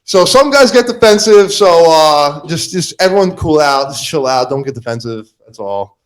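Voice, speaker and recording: Animated young man telling a story. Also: on the high side, normal speed. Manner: animated storytelling, acts out quotes loudly. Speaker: podcast host. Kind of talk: casual chat.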